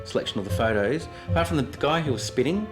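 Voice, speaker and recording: Halting man over guitar music. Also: mid-range voice, expressive. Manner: halting, many fillers and restarts. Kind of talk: documentary interview.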